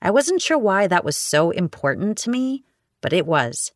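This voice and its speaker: A woman reads a romance audiobook in the first person with a wry, expressive touch. Her voice sits a little low but moves with lively, animated intonation. The recording is dry and close. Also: normal speed, dry recording. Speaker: audiobook narrator.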